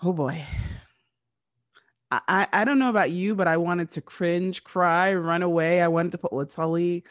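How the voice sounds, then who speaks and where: Woman retelling a TV episode, animated. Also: lowish voice, unhurried, no room sound, studio quality. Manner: animated, repeats words while retelling scenes. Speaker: podcast co-host recapping a TV episode. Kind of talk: casual chat.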